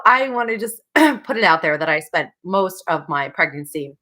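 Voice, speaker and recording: A young woman talks straight to her listeners in a casual advice chat, frank and chatty, with easy laughs breaking in. Her voice sits a little low for a woman, relaxed and conversational. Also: moderate pace. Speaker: host.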